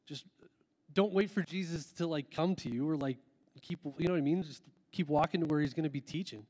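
A man's voice: on the high side, brisk. A man who is a worship pastor, talking earnestly and rambling from the stage of a church, with lots of fillers and restarts. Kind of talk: casual talk from the stage before a song. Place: church hall with a long, echoing reverb. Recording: echoey hall with soft music behind.

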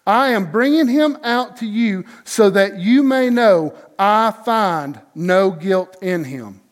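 A stern Roman governor, read by a man in a raised, fairly high voice. He presses his questions slowly and with emphasis, as in a spoken scripture reading. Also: lively intonation. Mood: questioning.

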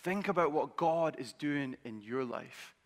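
A man's voice: a little high, lively intonation, unhurried. A man preaching as pastor, encouraging and speaking straight to the congregation. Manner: encouraging, addresses the congregation directly. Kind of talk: sermon. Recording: echoey hall with crowd.

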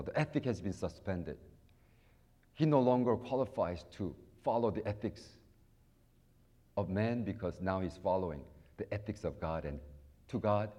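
A middle-aged man preaching a sermon, acting out prayers and dialogue, with sudden loud rises and soft low passages. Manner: acts out prayers and voices in dialogue. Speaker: pastor.

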